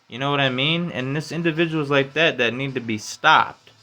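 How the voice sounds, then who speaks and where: A man hosting a casual solo podcast, talking in slangy, profane speech full of "you know" and "man", and getting loud and high when worked up. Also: normal speed, soft background music. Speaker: podcast host.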